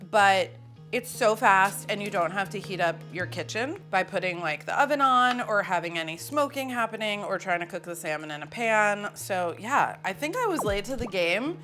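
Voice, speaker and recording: A woman's voice: mid-range voice, animated, normal speed, bright, forceful tone, faint music behind. A woman hosting a cooking show, talking casually and poking fun at herself while she cooks in a kitchen. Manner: chatty and self-mocking, with frequent laughs.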